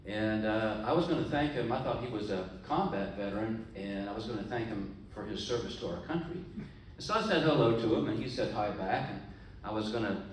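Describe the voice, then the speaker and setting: A man's voice: fairly low pitch, fairly quick, a little hiss or hum. A man telling a folksy, chatty joke story to a club meeting, talking straight to a friend in the audience. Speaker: club speaker. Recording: echoey room from far off.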